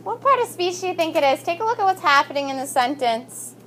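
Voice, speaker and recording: A woman's voice: extremely high pitch, expressive, fast talker, fairly bright tone, slight background noise. A woman teaching a vocabulary lesson in a classroom, upbeat and calling on students by name.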